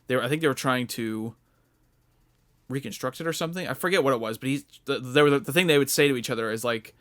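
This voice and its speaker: A man's voice: medium pitch, fast talker, a bit bright. Rambling young man chatting casually. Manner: rambling, many fillers and restarts. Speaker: podcast co-host. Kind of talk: casual chat.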